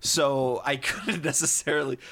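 A man's voice: a little high, measured pace, creaky, bright, forceful tone, slightly rough. American man, podcast host, casual chat, rambling, swearing, laughs a lot. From United States.

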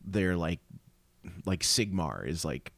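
A man in casual chat, swearing freely and telling stories with animated energy. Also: low-pitched, takes it slowly, creaky, no echo. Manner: profane, animated storytelling.

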